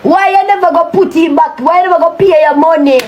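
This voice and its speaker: A woman's voice: very high-pitched, quick pace, darkish tone, a little hiss or hum. A woman with a Jamaican accent delivering a heated, taunting rant on a live stream, cursing often.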